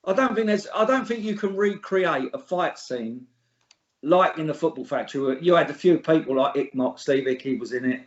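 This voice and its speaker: A man's voice: on the high side, expressive, moderate pace. A middle-aged man, the guest in a casual interview, talking bluntly and scornfully, with plenty of swearing. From England. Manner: blunt, sweary, scornful, laughs at his own stories. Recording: echoey room, dull lo-fi sound.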